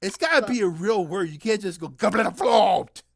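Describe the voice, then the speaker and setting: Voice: mid-range voice, expressive, moderate pace, creaky, no room sound. Playful puppeteer telling a nursery rhyme, bouncy sing-song voice, dry close sound. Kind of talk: playful puppet show narration.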